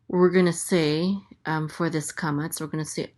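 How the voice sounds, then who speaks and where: A woman's voice: sits low, little pitch movement, normal speed, few pauses, a little mellow. A woman teaching a language lesson, going through letters and vowels and patiently repeating each syllable. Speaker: Hebrew teacher. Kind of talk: slow, careful letter-by-letter lesson.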